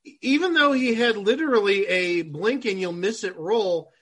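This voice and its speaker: A man's voice: sits high, normal speed, fairly bright tone, slightly rough. A man co-hosting a casual movie podcast, dry and amused. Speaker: podcast co-host.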